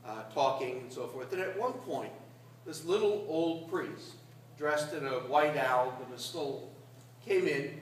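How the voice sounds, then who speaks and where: A man's voice: a little high, expressive, a little slow, a little hiss or hum. A man, a priest, preaching a sermon in a conversational storytelling way that rises to emphatic peaks. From Catskill Mountains, New York. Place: large church. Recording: echoey church from far off.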